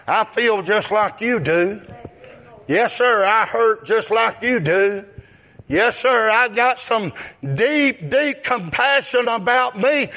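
A man preaching a sermon in a drawn-out delivery, breaking into shouted high exclamations and repeating short call-outs to the congregation. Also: lively intonation. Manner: repeats call-outs like "yes, sir" and "huh?".

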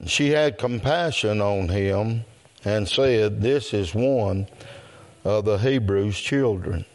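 A man, leading an evening service and slowly reading scripture aloud with long pauses. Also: fairly low pitch. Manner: slow, deliberate reading with long pauses, throat clearing. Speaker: preacher.

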